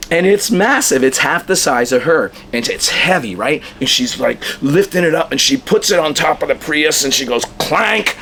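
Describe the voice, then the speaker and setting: A man who is a local musician, telling a casual anecdote in an animated way and acting out the dialogue. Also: fairly high pitch, normal speed, hardly any pauses, a little hiss or hum. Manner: animated storyteller, acts out dialogue, chuckles while telling. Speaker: local musician being interviewed.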